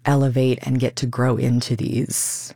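A woman's voice: rumbling low, level tone, a little slow, creaky, warm tone, no echo, clean studio sound. A woman in her thirties, a stage actor, talking expressively in a radio interview and acting out quoted asides.

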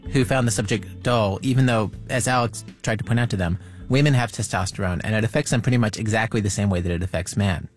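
A man hosting a radio show, narrating its opening in a conversational, wry way. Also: fairly low pitch. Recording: music bed underneath.

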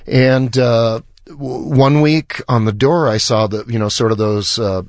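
With a medium-pitched, unhurried voice, a male musician guest on a radio program spins a long tale, performing the quoted lines of its characters with animation. The recording is dry and studio quality.

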